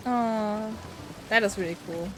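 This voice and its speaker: A woman's voice: medium pitch, unhurried, fairly bright tone, faint music behind. A woman streaming a game who chats and rambles to her viewers while fighting a cold. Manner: chatty and rambling, talks to chat. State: sniffly, getting a cold. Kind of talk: casual livestream commentary.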